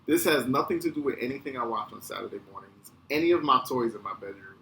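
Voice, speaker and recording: A man in his thirties hosting a podcast, telling a casual, animated, profane story. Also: medium pitch, quick pace, gravelly. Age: 30s. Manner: animated, profane, acts out quotes. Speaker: podcast host. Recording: echoey room with faint ambient noise.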